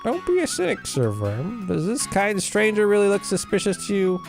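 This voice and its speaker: A man's voice: high voice, very animated, moderate pace, gravelly, faint music behind, voice pushed up, exaggerated voice. A man voicing a polite, earnest young female adventurer who scolds her grumpy companion. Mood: scolding.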